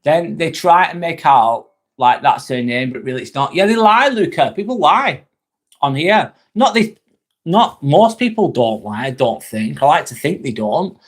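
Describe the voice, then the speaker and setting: Young English male streamer, casual chat host, relaxed and swearing, voice a touch high. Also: a little slow. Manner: chatty, swears casually, laughs often. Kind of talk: casual live chat reading comments.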